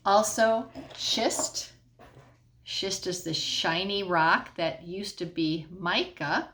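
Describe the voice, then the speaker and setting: A woman's voice: lowish voice, takes it slowly, a bit bright, a little hiss or hum. A middle-aged woman teacher explaining a science lesson at home in a patient way, often checking in with the class.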